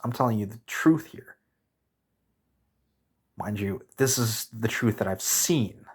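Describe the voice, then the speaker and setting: Guy venting on his vlog, low husky voice, blunt, swears a lot, keeps backtracking. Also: slow. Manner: frustrated, blunt, swearing, rambling with self-corrections. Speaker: vlogger. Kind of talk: candid rant to camera.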